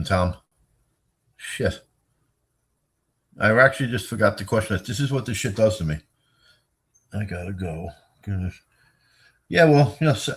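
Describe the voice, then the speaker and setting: A man's voice: on the low side, breathy edge. A tired older man hosting a rambling, profane late-night livestream, chatting loosely with his viewers and yawning. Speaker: livestream host.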